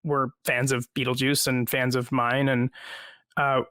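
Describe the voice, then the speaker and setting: A man, an actor as a guest, chatting in a casual video-call interview from home, self-deprecating and quick to laugh. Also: mid-range voice, flat delivery, fairly bright tone, clean tone, dry recording, clean studio sound.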